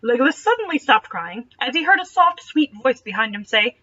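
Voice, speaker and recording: A young woman reading a fanfiction aloud in her bedroom, breaking off for dry, mocking, deadpan asides. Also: on the high side, brisk, far from the mic, lo-fi sound. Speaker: reader and commentator. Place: bedroom at home.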